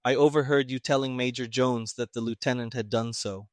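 A man voicing a calm young civilian detective who speaks flatly and tonelessly, in an audiobook reading. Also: mid-range voice, a little fast, dry recording, clean studio sound, close to an everyday voice. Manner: flat, toneless, clipped.

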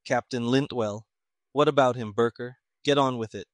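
A man voicing an impatient, gruff middle-aged army colonel who snaps curt orders. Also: mid-range voice, fairly even intonation, a little slow, dry recording, lightly acted.

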